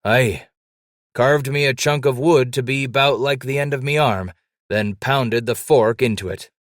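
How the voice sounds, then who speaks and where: A man voicing an old white-bearded mountain man who speaks in a loud, cheerful, folksy frontier drawl and quotes scripture. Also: measured pace, no room sound, studio quality, natural voice. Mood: jovial. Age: older. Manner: booming folksy frontier drawl, Bible-quoting.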